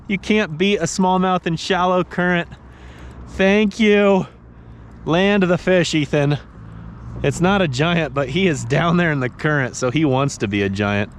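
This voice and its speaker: A young man narrating his fishing trip outdoors on a river, tired from paddling, bursting into excited exclamations and talking to the fish. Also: on the high side, a little slow. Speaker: fishing vlogger. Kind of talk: casual narration while fishing. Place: outdoors on a river, in a kayak and wading.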